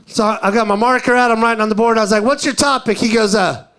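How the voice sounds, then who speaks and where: A man's voice: high voice, fast talker, fairly bright tone, clear, resonant tone. A man doing live stand-up, telling a story in a drawling, conversational way and quoting other people. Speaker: stand-up comedian. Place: live comedy venue.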